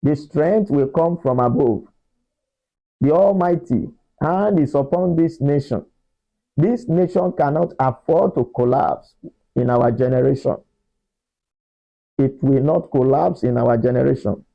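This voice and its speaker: A man's voice: medium pitch, unhurried, vocal fry, mellow, muffled recording. A man preaching a political sermon, emphatic and repeating his phrases for effect.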